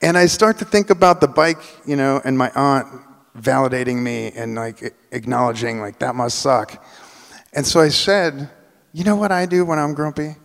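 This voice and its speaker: A man tells a personal story live on stage. His delivery is animated and he acts out the voices of the people in it. His mid-pitched voice carries a long reverb from the hall. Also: normal speed, vocal fry.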